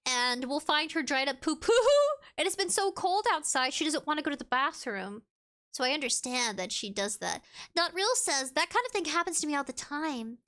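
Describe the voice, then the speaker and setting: A high-pitched woman streamer with a bright, sharp tone and a pitch that jumps all over. She chats casually with viewers and reads their comments aloud. She is playful and breaks into giggles often. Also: lively intonation, moderate pace. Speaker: live streamer. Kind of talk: casual live-stream chat.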